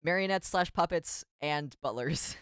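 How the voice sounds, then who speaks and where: Smooth-voiced rambling streamer guy. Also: a little high, unhurried, fairly bright tone, no room sound, clean studio sound. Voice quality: rambling, giggly, self-deprecating. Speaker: VTuber streamer. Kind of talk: casual stream chat.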